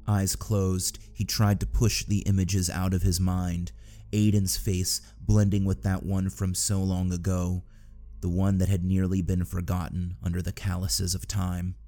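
Low, mellow male audiobook narrator.

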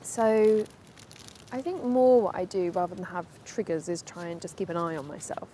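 A woman's voice: on the low side, normal speed, mellow, slight background noise, poor audio. A woman, a podcast host, talking in a rambling, chatty way while walking outdoors through a park in the rain, laughing at herself now and then. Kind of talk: casual spoken monologue while walking.

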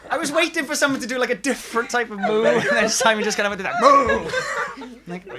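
A woman's voice: fairly high pitch, big pitch swings, a little fast, over a noisy crowd. A woman performing a scripted comedy sketch as a chirpy car salesperson full of puns. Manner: chirpy, punning salesperson patter.

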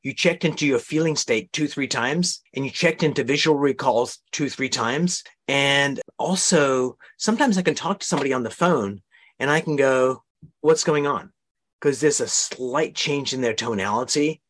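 A man's voice: mid-range voice, moderate pace, a bit bright. A man hosting an interview podcast, explaining ideas in a coaching, demonstrative way. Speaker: host.

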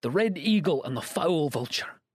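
A man voicing a bleary, furtive old Scottish man who speaks in hushed, wheedling dialect, with a slightly husky, dry sound. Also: medium pitch, unhurried, no echo. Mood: ominous.

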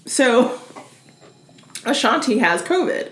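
A woman co-hosting a podcast in casual chat, animated and slangy, laughing often. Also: a little high, slow, roomy sound. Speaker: podcast co-host.

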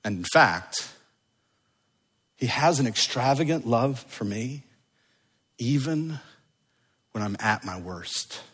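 Husky-voiced middle-aged preacher, slow delivery. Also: male voice, medium pitch, lively intonation. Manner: swings between urgent emphasis and hushed, slow repetition. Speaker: pastor. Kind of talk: sermon. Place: church sanctuary. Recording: long hall reverb.

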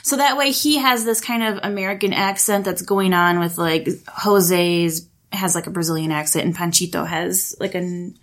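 A woman's voice: on the low side, steady tone, moderate pace, few pauses. A young woman co-hosting a casual podcast about films, talking loosely with lots of fillers and laughter. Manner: chatty, laughs often, many fillers. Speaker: podcast co-host. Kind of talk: casual chat reviewing films.

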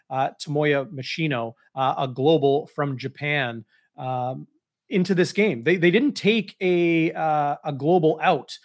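A man hosts a football talk show, his voice sitting a little high. He meanders through his points, leaning on frequent uhs and ums. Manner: filler-heavy, meandering. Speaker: sports show host. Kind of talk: casual sports talk.

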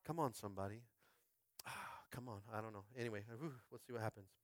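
A man preaching a sermon as pastor, fervent and calling out to his congregation, swinging from quiet musing to shouted climaxes. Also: lowish voice, fast talker, no echo. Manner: calls out to the congregation. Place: school space used as a church.

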